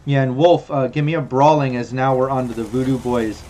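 A man's voice: medium pitch, steady tone, brisk, warm tone, a little hiss or hum. A man acting as game master, narrating and ruling on a tabletop game in a loose, rambling way. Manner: loose, rambling, lots of fillers.

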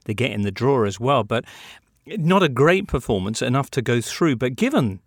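A man hosting a casual sports chat who asks short questions and adds quick reactions. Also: mid-range voice, sing-song, slightly rough, no room sound, studio quality. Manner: brief prompting questions and reactions. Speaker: podcast host.

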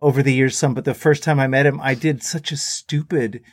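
A man's voice: medium pitch, fairly quick, no room sound. A middle-aged man, a musician guest, telling anecdotes in casual chat and often laughing as he talks. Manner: animated storyteller who laughs often.

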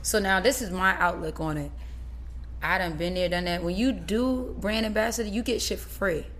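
Animated woman telling a story. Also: lowish voice, normal speed. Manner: animated storytelling with quoted dialogue. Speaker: guest. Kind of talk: casual chat.

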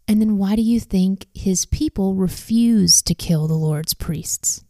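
Woman Bible study leader, measured questioning tone, warm timbre, dry room. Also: mid-range voice, dry recording. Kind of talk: scripture reading with discussion questions.

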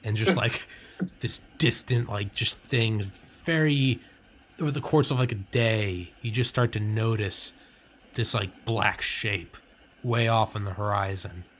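A man's voice: lowish voice, a little slow, a bit bright, a little hiss or hum. A young man hosting a podcast in casual chat, rambling and swearing, laughing often. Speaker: podcast host.

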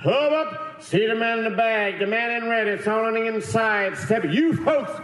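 A brash carnival barker elf calls out loud to passing shoppers in a high, sing-song voice, as a man puts him on. The voice rings around a very echoey room. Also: moderate pace. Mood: hawking. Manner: shouting, sing-song pitch.

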